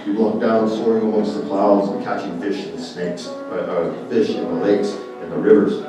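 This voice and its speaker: A man's voice: sits low, steady tone, normal speed. A man telling a traditional legend to an audience as a guest speaker, folksy and dramatic, repeating words for effect. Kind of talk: oral storytelling talk. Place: church hall. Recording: echoey hall from far off, music.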